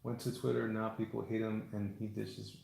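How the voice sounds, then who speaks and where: While drawing on his live stream, this man rambles to his viewers and the chat, mocking himself and chuckling frequently. He speaks at normal speed in a fairly low, level, slightly mellow voice with vocal fry.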